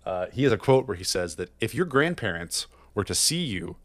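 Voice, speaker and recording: Low-voiced male co-host, loose rambling storyteller, chatty. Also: big pitch swings, brisk, no room sound. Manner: rambling, repeats words, laughs while talking. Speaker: podcast co-host. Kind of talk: casual chat, telling a joke.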